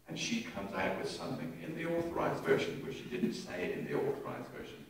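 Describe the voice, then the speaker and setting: An older man, preaching a sermon with animated humour, recorded from a distant mic in an echoey church. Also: on the high side, fairly quick, few pauses. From England. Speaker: pastor. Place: church hall.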